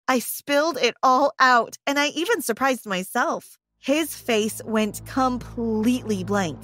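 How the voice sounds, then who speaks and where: A woman's voice: fairly high pitch, animated, a little slow, fairly bright tone, no echo. A woman narrating a dramatic first-person story, emotional and acting out her own lines with big swings.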